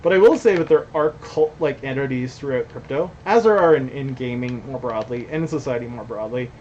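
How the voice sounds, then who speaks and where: A man's voice: medium pitch, brisk, darkish tone, lo-fi sound, slight background noise. A young adult man giving blunt, rambling commentary on a stream, reading chat and swearing casually. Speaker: company founder hosting a stream.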